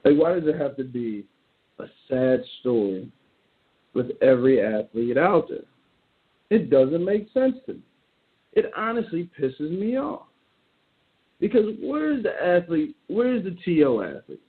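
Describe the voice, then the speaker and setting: A man's voice: a little high, measured pace, pauses often. Blunt ranting man on a tinny line. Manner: animated, blunt and profane, reacting aloud. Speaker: show host. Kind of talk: casual ranting commentary. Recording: tinny phone-like sound.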